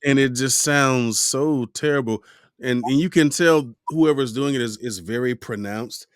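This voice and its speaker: A man hosting a podcast interview in casual chat, lively and fond of mimicking voices in his stories. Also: mid-range voice, measured pace, clean tone, no room sound, studio quality. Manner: animated, mimics voices in anecdotes. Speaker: podcast host.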